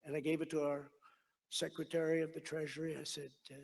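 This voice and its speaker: A man's voice: on the high side, level tone, brisk, creaky, breathy edge, long reverb tail. A man giving a rally speech in a rambling, boastful storytelling style, repeating himself. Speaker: political speaker at a rally.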